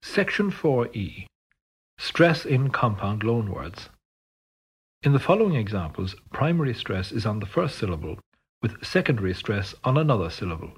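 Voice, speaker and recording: A man with a slightly husky voice reads out the sections of a pronunciation lesson. His delivery is measured and scripted, and his pitch moves in a lively way as he announces each rule. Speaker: language course narrator. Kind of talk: scripted instructional narration.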